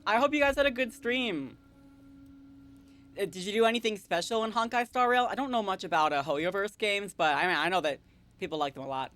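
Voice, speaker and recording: A woman's voice: medium pitch, expressive, brisk, fairly bright tone, faint music behind. A woman livestreaming a game in a casual, chatty way, giggling often and reading dialogue aloud. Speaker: streamer. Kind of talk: casual live game stream.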